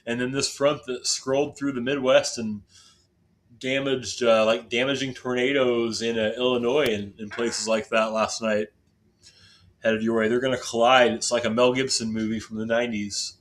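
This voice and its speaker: A man's voice: medium pitch, a bit bright. A man from southern Indiana, casually chatting with his viewers as he plays a baseball game on stream, self-deprecating and talkative. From southern Indiana, USA. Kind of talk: casual live-stream commentary while gaming.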